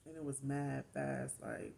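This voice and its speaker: A woman, a mother of four, casually telling her own story in an animated way, getting louder as she relives the pain. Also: rumbling low, unhurried, gravelly, slight background noise. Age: adult mother of four. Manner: animated retelling, rising loud when reliving pain.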